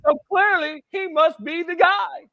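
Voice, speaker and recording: A man voicing a loud, fired-up male football coach who lectures and calls everyone "son". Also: very high-pitched, steady tone, a little slow, highs cut off, pitched above the performer's own voice. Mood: mocking. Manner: shouting, preachy, repeats "son". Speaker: show host. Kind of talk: put-on voice in a podcast film breakdown.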